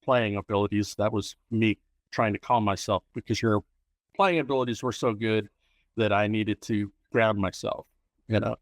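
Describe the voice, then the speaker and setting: A man's voice: on the low side, steady tone, moderate pace, no echo. A man hosting an interview, talking in a rambling way with lots of restarts and anecdotes. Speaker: host. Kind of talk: interview talk.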